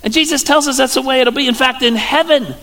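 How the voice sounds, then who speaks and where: High, gravelly Midwestern pastor preaching playfully. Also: male voice, quick pace. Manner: playful, jokey storytelling with sudden loud exclamations. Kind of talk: sermon. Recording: church hall reverb.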